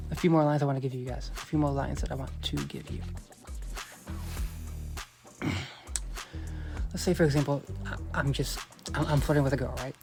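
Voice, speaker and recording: Over background music, this man speaks at medium pitch with a steady tone, a moderate pace and long pauses. As host of a dating-advice podcast, he coaches with emphatic swagger, swears, and keeps repeating himself to "you guys."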